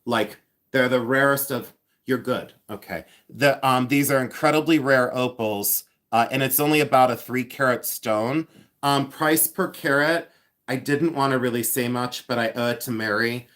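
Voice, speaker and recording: A man in his fifties chats loosely on a livestream, trading jokes with his viewers and poking fun at himself. His pitch sits in an ordinary middle range and his delivery is playful and offhand. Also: normal speed, fairly bright tone. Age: 50s. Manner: playful, self-mocking, teasing viewers by name; hums and scats tunes. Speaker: livestream host. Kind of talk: casual live chat.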